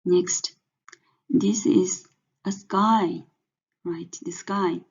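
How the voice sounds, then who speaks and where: A woman teaching pinyin in a slow lesson, saying each syllable several times over. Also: lowish voice, fairly even intonation, husky. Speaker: Chinese teacher. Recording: dull lo-fi sound.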